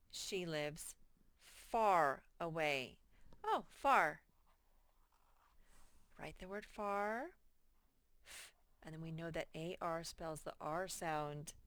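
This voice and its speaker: A woman teacher with a slightly low voice talks young children through a lesson at an unhurried pace. She reads sentences slowly and sounds out words with patience. Her voice is recorded close up, dry, with no room sound. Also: clean tone, no echo. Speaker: first grade teacher.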